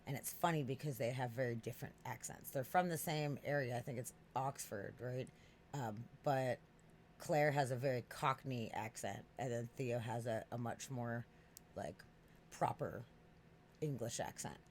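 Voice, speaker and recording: A man with an East Coast accent, hosting a podcast in casual, animated, rambling chat, laughing often and swearing freely. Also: mid-range voice, moderate pace, a little hiss or hum. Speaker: podcast host.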